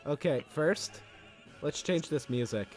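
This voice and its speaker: A man's voice: fairly high pitch, expressive, takes it slowly, soft background music. A man playing a fighting game with a friend, teasing him and laughing often. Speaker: gaming co-host. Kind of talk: casual gameplay banter.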